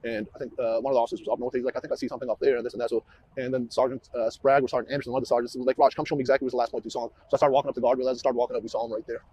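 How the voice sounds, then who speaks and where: A man, a police officer, walking investigators through events in a halting way, often repeating words and restarting. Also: mid-range voice, level tone, mellow, a little hiss or hum. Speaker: police officer questioned about a shooting. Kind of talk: recorded interview walkthrough.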